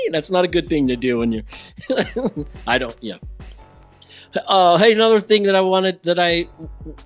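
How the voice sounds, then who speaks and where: A man in easy podcast conversation, his voice sitting a bit high. He wanders off topic, forgets names mid-sentence and laughs it off. Faint music plays underneath. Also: big pitch swings, a little slow, pauses often. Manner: rambling, loses his train of thought, laughs often. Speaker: podcast co-host. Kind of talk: casual chat.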